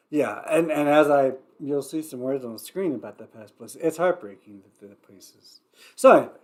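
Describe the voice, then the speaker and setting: A man's voice: medium pitch, a little mellow. A man hosting a variety show livestream, talking in a loose, rambling way with wry asides and the odd curse. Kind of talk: casual rambling livestream chat.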